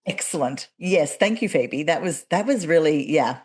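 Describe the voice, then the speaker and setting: A woman from Australia with a low voice hosts a conversational podcast. She speaks emphatically, laughs easily and hands out direct, no-nonsense advice. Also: expressive, normal speed, a little mellow. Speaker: podcast host.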